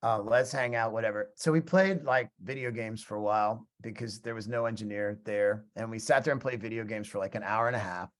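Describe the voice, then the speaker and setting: A middle-aged man, a musician teaching a class, telling stories in a chatty, animated way and acting out both sides of past conversations. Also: lowish voice, fairly quick, hardly any pauses. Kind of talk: casual storytelling lecture.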